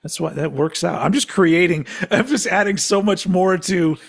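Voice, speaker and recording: A man with a husky, slightly raspy voice that sits a touch above the usual male range. He talks in loose, rambling podcast chat, drifting into tangents, cursing freely and breaking into laughter. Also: sits high, moderate pace. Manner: laughs often while talking. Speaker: podcast co-host.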